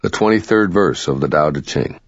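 A man reading spiritual self-help narration in a calm, measured, instructive way. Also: a bass voice, husky, no room sound. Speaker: audiobook narrator. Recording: dry, dull lo-fi recording.

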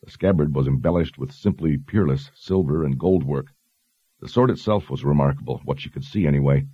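Deep husky guy reading a fantasy audiobook, dry dull-ish recording. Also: a little fast, mellow, dry recording. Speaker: audiobook narrator. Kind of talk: scripted fantasy narration.

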